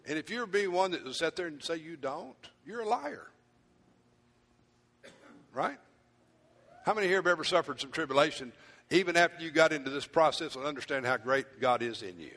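A pastor preaching a sermon, animated and playful, acting out his congregation in asides. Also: fairly high pitch, normal speed, long pauses. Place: church hall. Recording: church hall reverb.

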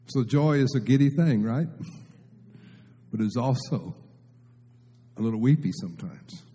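A middle-aged male preacher delivering an emotional sermon, tearful and impassioned, his voice swelling up and dropping down to a hush. The tone is dark and mellow with a husky edge. It rings out with the long reverb of a large church hall. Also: mid-range voice, lively intonation, unhurried, long pauses. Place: church sanctuary.

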